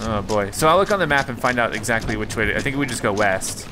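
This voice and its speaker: Upbeat American man hosting a game session, animated delivery, noisy backdrop. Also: lowish voice, fast. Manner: upbeat, laughing often. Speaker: host. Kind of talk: casual gaming chat.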